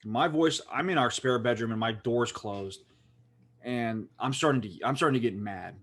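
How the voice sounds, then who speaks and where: A man's voice: medium pitch, moderate pace. A man with a Pittsburgh accent, co-hosting a podcast and telling a long, rambling story full of "like" fillers. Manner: rambling, animated, lots of "like" fillers. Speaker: podcast co-host. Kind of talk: casual storytelling chat.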